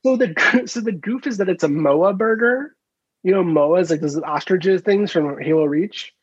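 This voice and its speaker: A man's voice: sits high, moderate pace, husky, dry recording, muffled recording. A man co-hosting a casual video game podcast, rambling with many fillers and restarts and casual swearing. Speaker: podcast co-host. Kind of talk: casual chat.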